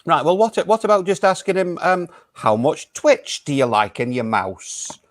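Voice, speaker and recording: A man's voice: a little high, very animated, normal speed, no room sound. A man playing a hesitant, stammering phone-in radio host in an improvised comedy show. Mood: awkward.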